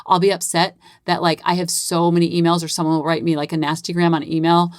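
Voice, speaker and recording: A woman in her forties telling stories on her parenting podcast, her voice sitting a little low. She talks in a casual, chatty way with plenty of "like" fillers and jumps into animated voices for quoted dialogue. The sound is close and dry. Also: fast talker, no room sound. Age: 40s. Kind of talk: casual solo podcast storytelling.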